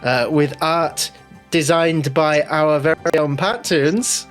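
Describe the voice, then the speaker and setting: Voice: mid-range voice, slow pace. A game master and show host giving rambling, self-mocking announcements before a tabletop stream, swearing playfully. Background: faint background music.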